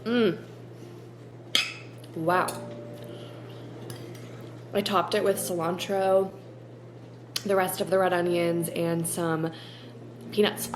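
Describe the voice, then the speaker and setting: A woman's voice: fairly low pitch, flat delivery, takes it slowly, long pauses, noisy background. A young woman chatting casually to the camera in a home vlog, bubbly and full of "like". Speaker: vlogger. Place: at home, kitchen and bedroom.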